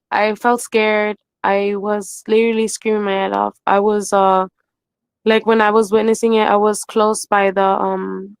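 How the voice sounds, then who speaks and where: A woman's voice: medium pitch, creaky, clean tone, no echo. Rambling young-sounding woman witness. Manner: rambling, many "like" and "you know" fillers. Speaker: eyewitness guest. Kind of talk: live stream interview, recounting.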